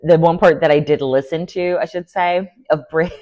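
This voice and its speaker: A woman's voice: sits low, moderate pace, dull audio. Chatty woman recapping reality TV. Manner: chatty, animated, full of fillers, laughing asides. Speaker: recap vlogger.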